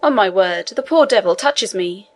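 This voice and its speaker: A woman voicing a male government inspector who speaks in a measured, official manner in a storybook reading. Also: medium pitch, animated, natural voice. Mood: composed.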